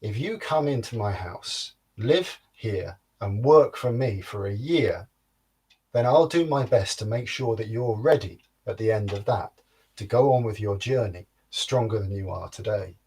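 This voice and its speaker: A man's voice: on the low side, lively intonation, measured pace, darkish tone, slightly rough, full character voice. A man playing a frank, teasing old woman who becomes a mentor in a folktale telling.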